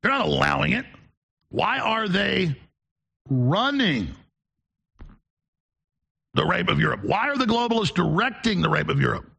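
Gravelly, animated man ranting on air. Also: sits high, unhurried, pauses often. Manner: sarcastic, with shouted outbursts. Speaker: talk show host. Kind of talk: ranting call-in show monologue.

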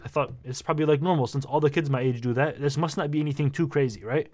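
Animated young man telling a story. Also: on the high side, fast talker. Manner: animated, slangy, says "bro" a lot. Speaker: vlogger. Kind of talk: casual storytelling.

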